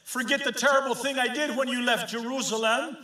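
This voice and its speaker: A man's voice: very high-pitched, fairly even intonation, brisk, sharp tone, voice pushed up. A man preaching a sermon voices a remorseful man who hurriedly pleads for forgiveness, read aloud in a church. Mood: pleading. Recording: echoey church sanctuary.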